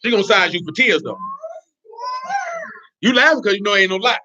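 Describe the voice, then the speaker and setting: Fast, blunt street-talking male preacher. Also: sits high, expressive, bright, forceful tone, slight background noise. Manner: streetwise, blunt, laughing asides. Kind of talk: informal religious teaching. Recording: dull lo-fi recording.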